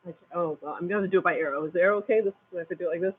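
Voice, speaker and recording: A man presenting a budget report at a school board meeting, reading out figures with frequent halting pauses, captured on a tinny, phone-like recording. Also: high voice, slight background noise.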